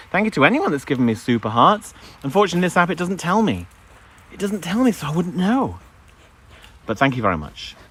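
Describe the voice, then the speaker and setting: A man's voice: fairly high pitch, very animated, fairly quick, a bit bright, breathy edge. A man live-streaming outdoors in a wooded park on his phone, chatting to viewers and his dog. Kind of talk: casual live-stream chat.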